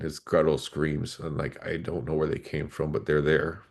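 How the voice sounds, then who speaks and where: A man's voice: rumbling low, completely flat delivery, moderate pace, gravelly. A man in his forties, a former police officer, earnestly recounting an emotional personal story as a podcast guest.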